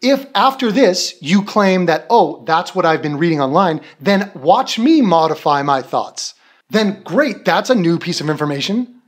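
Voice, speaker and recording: High-voiced, sarcastic ranting man. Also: lively intonation, a little slow. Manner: sarcastic, profane, combative. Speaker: commentary video creator. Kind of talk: ranting commentary.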